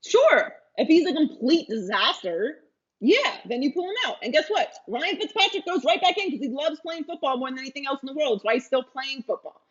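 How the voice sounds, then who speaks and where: A woman co-hosting a sports podcast, talking in a lively, opinionated way. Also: sits high, fairly quick, dull audio. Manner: animated, opinionated. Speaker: podcast co-host. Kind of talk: casual sports talk.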